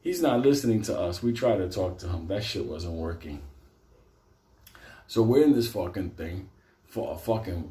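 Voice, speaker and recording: A man telling a comic story in a profane, animated way, swinging between loud bursts and quiet asides. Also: fairly low pitch. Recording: echoey room.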